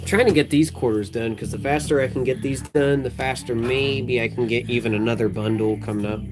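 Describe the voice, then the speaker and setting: A man's voice: mid-range voice, steady tone, fairly quick. Rambling man chatting over music. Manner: rambling, laughs often, lots of fillers. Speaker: livestream host sorting coins. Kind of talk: casual chat. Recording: music playing behind.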